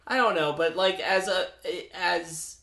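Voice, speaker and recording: A young man co-hosting a podcast in casual chat, working through his points with halting restarts. His voice sits slightly high, and the recording has a roomy echo around it. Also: gravelly, pushed and bright. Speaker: podcast co-host.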